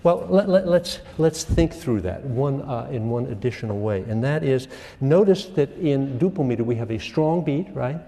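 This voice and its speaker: A man's voice: mid-range voice, normal speed, big-room sound. A man teaching a music class, asking the students questions and humming rhythms to show the beat. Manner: lively, asks questions, hums rhythms. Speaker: music lecturer. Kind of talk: classroom lecture.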